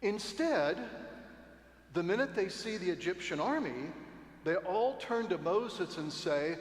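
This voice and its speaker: A man teaches a church Bible class in a loose, conversational way, often checking in with his listeners. His voice sits a little high for a man. It rings through a large echoey hall with a long reverb tail. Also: big pitch swings, measured pace. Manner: conversational, repeats 'right?' and 'okay?', restarts. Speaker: adult Sunday school teacher. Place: cathedral meeting space.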